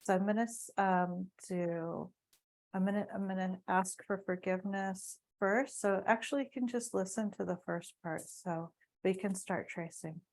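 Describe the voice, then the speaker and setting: A woman instructor slowly guiding a class through tracing calligraphy and spoken affirmations, with patient, step-by-step instructions. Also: medium pitch, steady tone, vocal fry, darkish tone, poor audio. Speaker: wellness instructor. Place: wellness center session. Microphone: unplugged microphone, then plugged back in.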